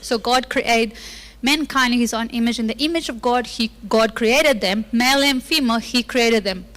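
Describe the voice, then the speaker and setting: A woman's voice: fairly high pitch, moderate pace, fairly bright tone. A woman pastor preaching a sermon with playful asides, acting out the lines she quotes. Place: church auditorium. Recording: long reverb of a church hall.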